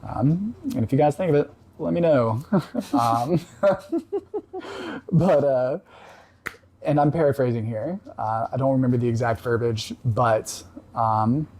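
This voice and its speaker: A man calmly recounting a personal story in casual conversation, reflective, with frequent pauses and fillers. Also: medium pitch. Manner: reflective, halting with many fillers. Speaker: podcast guest.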